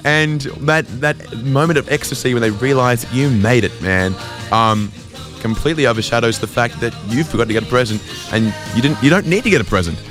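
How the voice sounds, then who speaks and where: A man's voice: medium pitch, animated, fast, music in the background. An Australian man hosting a community radio show, rambling through a self-deprecating comic monologue with lots of fillers and restarts. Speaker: radio host.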